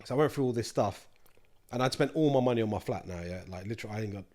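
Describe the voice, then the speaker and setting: A man's voice: on the low side, racing. A man with a London accent, a podcast guest telling a long story in a casual, slangy way. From East London. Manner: chatty, slangy, lively storyteller. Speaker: guest, snack brand co-founder.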